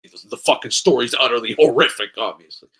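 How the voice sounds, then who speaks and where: A man co-hosting a casual podcast, ranting in an animated way, swearing a lot and acting out what others said. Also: medium pitch, fast, breathy edge. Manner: animated, swears a lot, acts out quoted voices. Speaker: podcast co-host.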